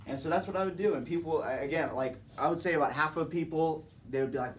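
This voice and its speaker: Before a live crowd, a young man casually recounts his personal testimony, chatting in a laid-back style, laughing frequently, and calling folks "man" and "dude." He talks fast in a voice on the high side, captured by a distant mic with faint background noise.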